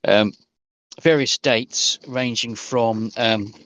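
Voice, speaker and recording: Slow, halting game master. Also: male voice, mid-range voice, steady tone, a bit bright, dry recording. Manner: halting, full of fillers, descriptive. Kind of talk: narrating a tabletop game over voice chat.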